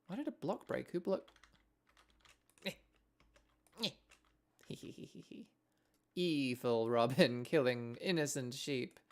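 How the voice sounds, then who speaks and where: A young adult streamer from Wales chats casually with viewers during gameplay, with a mid-range voice, lively intonation, a slow pace and long pauses. The talk is rambling and sweary, full of self-interrupting asides.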